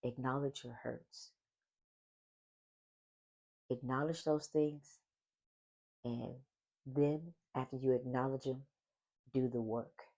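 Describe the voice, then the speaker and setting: A man's voice: mid-range voice, steady tone, slow, long pauses, a little mellow. A man hosting a solo faith-based podcast, talking with a smile in his voice and repeating affirming phrases. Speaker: podcast host.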